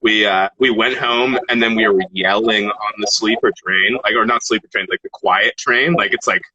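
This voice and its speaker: A man from Canada, a guest rapper, telling casual stories in an animated, swearing way. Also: fairly low pitch, normal speed, slightly rough, no room sound, muffled recording. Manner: animated, swearing, laughs between phrases. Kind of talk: casual storytelling.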